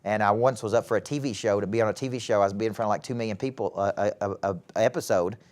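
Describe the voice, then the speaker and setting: A middle-aged man with a Southern US accent giving a live motivational talk to young people, animated and often asking the audience questions. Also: on the low side, rapid-fire. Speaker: motivational speaker and former coach. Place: event hall with a live audience.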